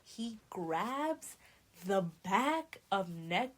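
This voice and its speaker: A woman's voice: medium pitch, sing-song, drawn-out words, a bit bright. A young woman hosting a podcast, casually recapping a novel in slangy speech and acting out the characters' lines. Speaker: podcast host.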